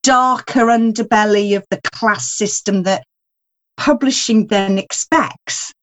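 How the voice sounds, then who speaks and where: Female guest writer, mid-pitched, reflective and conversational, thinks aloud. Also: steady tone, slow pace. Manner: reflective, thinks aloud, frequent "you know". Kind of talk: casual discussion.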